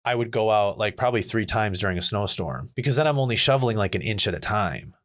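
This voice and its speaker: A man's voice: lowish voice, expressive, fast talker, fairly bright tone. A man hosting a casual podcast chat, cursing freely and acting out his own rants. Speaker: podcast host.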